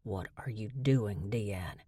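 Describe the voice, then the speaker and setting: A woman voicing a grown male wolverine shifter in an audiobook, speaking low, quiet and controlled. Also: slow, slightly rough, no room sound, studio quality, exaggerated voice. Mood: quietly menacing.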